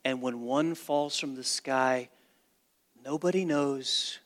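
A man preaching a sermon as pastor, with dramatic swings from hushed to loud and emphatic delivery. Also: mid-range voice, steady tone, slow. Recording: long reverb of a large hall.

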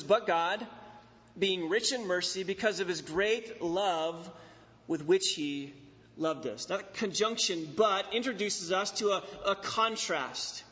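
Pastor, male, high-pitched, emphatic and deliberate; muffled sound with long hall reverb. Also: fairly bright tone. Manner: emphatic, repeats key phrases, slows on stressed words. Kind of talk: expository sermon. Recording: dull recording in a reverberant hall.

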